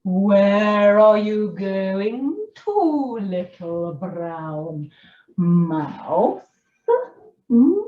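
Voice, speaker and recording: A woman doing a sly slow snake. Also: medium pitch, expressive, reverberant, phone-quality sound, voice pushed down.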